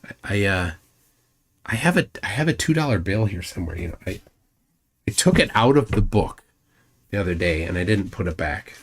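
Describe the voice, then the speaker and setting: Male live-stream host, somewhat low voice, loose rambling delivery full of ums and restarts. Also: animated, moderate pace, long pauses, husky. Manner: mocking asides to a rival. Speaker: livestream host. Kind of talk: casual live-stream chat.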